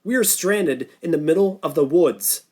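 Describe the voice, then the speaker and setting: A man's voice: mid-range voice, animated, normal speed, breathy edge. A man doing a stern, commanding doctor. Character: commanding middle-aged male doctor, stern and threatening.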